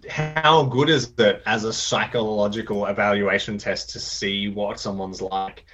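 Brief: male teacher and game runner, lively anecdote teller who slips into quoted voices, muffled lo-fi recording. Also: lowish voice, measured pace. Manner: animated, acts out quoted voices, many fillers. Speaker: teacher running tabletop games for students. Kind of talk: casual storytelling in a podcast chat. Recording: dull lo-fi sound.

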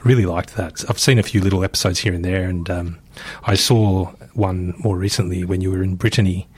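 A man's voice: low-pitched, steady tone, a little fast, darkish tone, slightly rough, no echo. A man hosting a podcast interview, enthusiastic and often chiming in with short agreements. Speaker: podcast host. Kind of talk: casual interview conversation.

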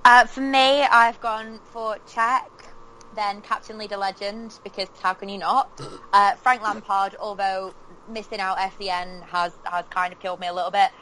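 A woman's voice: mid-range voice, flat delivery, normal speed, pushed and bright, a little hiss or hum, rough recording. A woman chatting on a football podcast, opinionated and teasing. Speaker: podcast co-host. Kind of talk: casual podcast chat.

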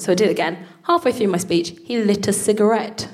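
Brief: lively woman co-host telling a comic anecdote live, acting out voices. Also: medium pitch, fairly quick. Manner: animated, laughing, acts out voices. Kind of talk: live comedy storytelling.

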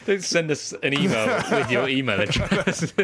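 A man's voice: a little high, lively intonation, unhurried, a bit bright, slightly rough. A man hosting a casual cricket podcast in a dry, teasing way, laughing often. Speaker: podcast host.

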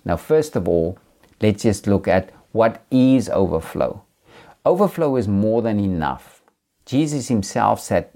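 African preacher guy, low voice, earnest and slow, repeats himself a lot while sharing his testimony. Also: warm tone. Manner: earnest, unhurried, repeats words as he goes. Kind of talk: sermon with personal testimony.

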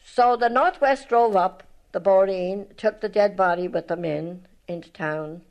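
An older woman with an Irish accent tells stories from her life in a rambling, lively way, full of restarts and retold conversations. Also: medium pitch, measured pace, rough recording. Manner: rambling, lively, retells past talk with many restarts. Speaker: storyteller recalling her life. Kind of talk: spoken memoir, reminiscing.

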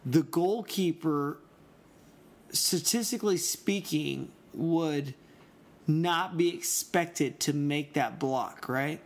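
Man with a slightly high voice, pressing questions. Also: slow pace. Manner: questioning, seeks confirmation with "right?". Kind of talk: casual chat.

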